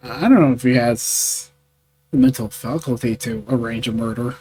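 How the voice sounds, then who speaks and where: A man's voice: medium pitch, moderate pace, darkish tone, slight background noise, poor audio. A man giving wry, joking commentary while playing through a story game. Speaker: let's-play host.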